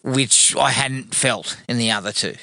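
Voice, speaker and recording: A man co-hosting a podcast, talking about a film in a relaxed, agreeable way and swearing often. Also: medium pitch, unhurried, vocal fry, no room sound, clean studio sound. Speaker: podcast co-host. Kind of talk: casual film review chat.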